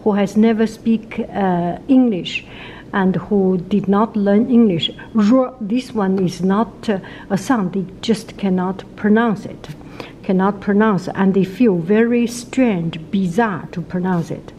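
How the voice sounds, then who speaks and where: A woman with a Chinese accent teaches pronunciation in a casual video lesson. She talks slowly and patiently and repeats each sound again and again. Her voice is mellow, with faint noise behind it. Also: medium pitch, poor audio. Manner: repeats sounds many times, slow and patient.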